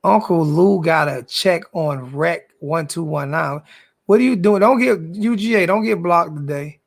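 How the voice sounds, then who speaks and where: A sports YouTuber with a slightly high, creaky voice rants back at his live chat at a measured pace. He's confrontational, repeats himself, and swears in heavy slang.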